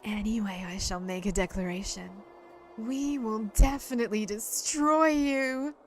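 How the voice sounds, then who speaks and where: A woman voicing a calm, eerie young man obsessed with hope in a game, speaking softly and in measured phrases. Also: fairly high pitch, soft background music, lightly acted.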